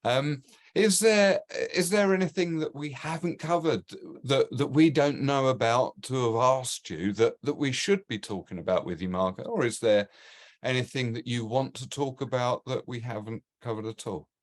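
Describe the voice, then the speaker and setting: A man with a British accent hosting a casual podcast interview, chatty and quick to laugh. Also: mid-range voice. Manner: chatty, laughs easily, many restarts. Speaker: podcast host.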